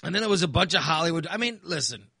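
Man, high voice, lively swooping pitch, exasperated sarcastic rant. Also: very fast, breathy edge, no room sound, studio quality. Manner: exasperated and sarcastic, fired-up ranting. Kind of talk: casual opinion rant.

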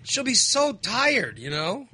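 Middle-aged guy rambling thru a story, really lively up-and-down voice. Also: very high-pitched, slow, slight background noise. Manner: rambling, animated storytelling with restarts. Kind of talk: casual chat.

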